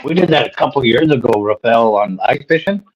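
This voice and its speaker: A man's voice: mid-range voice, expressive, fairly quick, highs cut off. A man from North Dakota, laid-back and joking, swearing now and then while telling fishing stories in a casual chat. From North Dakota, USA. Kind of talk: casual chat on a live stream.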